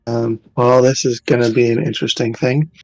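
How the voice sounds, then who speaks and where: A man's voice: medium pitch, steady tone, moderate pace, darkish tone, no room sound. A man running an online tabletop game as game master, speaking hesitantly with many fillers.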